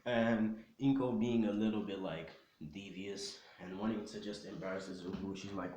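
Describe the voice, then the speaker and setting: Brief: young male storyteller, low-ish voice, slangy and rambling, roomy echo. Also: steady tone, normal speed, darkish tone, a little hiss or hum. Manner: rambling, slangy, full of fillers. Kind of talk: casual fan-fiction storytelling. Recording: echoey room.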